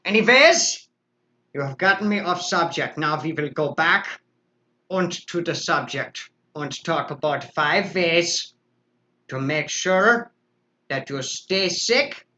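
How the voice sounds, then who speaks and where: A man voicing a pompous mock doctor who lectures with a pointing stick, in a put-on foreign accent with slow theatrical delivery, on a comic live stream. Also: fairly high pitch, lively intonation, bright, forceful tone, heavily acted. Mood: grandly lecturing. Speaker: host.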